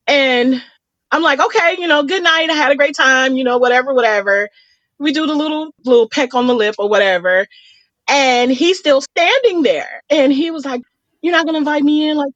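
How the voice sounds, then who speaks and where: A woman co-hosting a podcast, telling a funny date story in casual chat and acting out each quote with big jumps in pitch. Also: no echo, highs cut off. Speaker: podcast co-host.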